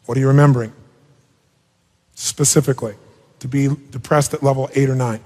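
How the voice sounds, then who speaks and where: A man coaching a participant on stage at a live seminar, firing rapid, blunt and sometimes profane questions at her and the crowd. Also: medium pitch, steady tone, darkish tone. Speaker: self-help speaker coaching a participant on stage. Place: large auditorium. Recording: long reverb of a big hall.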